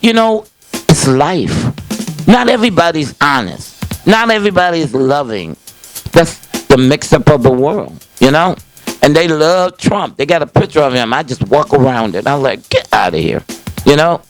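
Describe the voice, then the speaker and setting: Folksy older man hosting a call-in show. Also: a little high. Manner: folksy, chatty, full of restarts and "you know". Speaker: host of a call-in talk show. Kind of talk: casual rambling monologue to viewers. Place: small indoor set filmed by a cameraman. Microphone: speakerphone call on camera.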